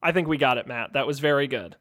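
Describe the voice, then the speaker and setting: A man's voice: medium pitch, fast talker, a bit bright. A man co-hosting a podcast in casual chat, easygoing and jokey as he plugs the show. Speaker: podcast co-host.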